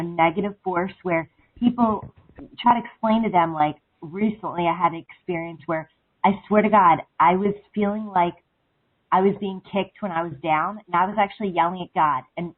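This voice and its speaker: A woman calling into a talk show over the phone. She rambles through her thoughts, filling them with "like" and "um". Her voice is a bit husky and comes through thin and narrow. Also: lowish voice. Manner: rambling, full of "like" and "um". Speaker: caller. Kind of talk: casual phone-in chat. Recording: phone line.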